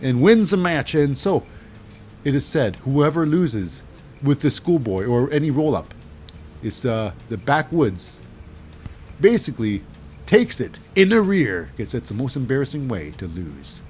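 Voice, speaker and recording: A man's voice: mid-range voice, animated, unhurried, a little mellow, a little hiss or hum. A man casually recapping wrestling matches in a rambling, wry way with lots of fillers.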